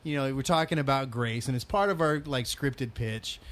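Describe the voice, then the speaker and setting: A man co-hosting a podcast, telling anecdotes in an animated, amused way. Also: medium pitch, normal speed. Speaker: podcast co-host. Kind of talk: casual chat.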